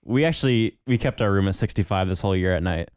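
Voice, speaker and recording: Smooth low-voiced young man. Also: animated, fast, a little mellow, dry recording, studio quality. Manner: laid-back, joking, reads listener letters aloud. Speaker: podcast co-host. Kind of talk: casual podcast chat.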